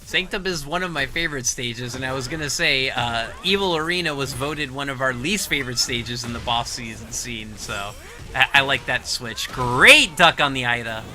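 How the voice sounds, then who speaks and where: A man commentating a fighting game tournament, animated and excitable, laughing often. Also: medium pitch, moderate pace, soft background music. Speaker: esports commentator.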